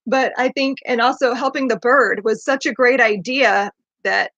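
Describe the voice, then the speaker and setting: A woman's voice: fairly high pitch, steady tone, normal speed, fairly bright tone, no echo. A woman hosting a casual book discussion, chatty and eager, who laughs often. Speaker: podcast host. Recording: dull lo-fi dry sound.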